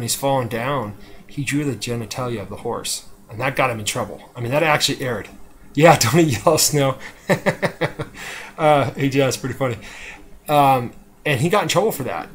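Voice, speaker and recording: A man chatting casually on a live stream, rambling with lots of fillers, with a dry throat. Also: mid-range voice. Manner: rambling, with many "uh"s and laughs. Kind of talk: casual chat.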